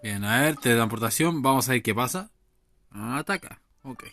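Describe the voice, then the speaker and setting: Brief: man, relaxed let's-play talk with crude jokes. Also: mid-range voice, a little fast, soft background music. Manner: casual, swears freely. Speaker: game streamer. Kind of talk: casual let's play commentary.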